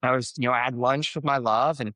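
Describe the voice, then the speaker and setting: A man's voice: mid-range voice, steady tone, quick pace, bright, forceful tone, no echo. A man, a coach, speaking as a podcast guest, telling stories and giving life advice in an earnest, motivational way. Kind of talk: conversational podcast interview.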